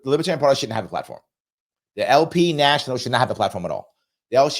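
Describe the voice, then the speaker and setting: A man hosting a political commentary livestream, emphatic and repetitive, reading out viewer super chats while getting over a cold. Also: medium pitch. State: recovering from a cold, coughing.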